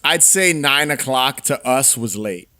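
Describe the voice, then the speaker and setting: A man's voice: medium pitch, expressive, measured pace, pushed and bright. A man hosting a podcast, chatting in an easygoing, reassuring way. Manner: easygoing, reassuring, chuckles along. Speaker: podcast host. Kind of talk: casual chat.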